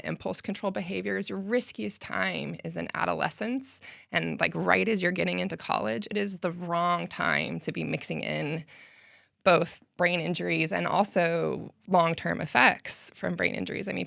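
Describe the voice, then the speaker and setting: A woman who coordinates a concussion program, talking casually and animatedly on a podcast, full of fillers and quick laughs. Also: on the low side, gravelly, fairly bright tone, no room sound, studio quality. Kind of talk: casual conversational interview.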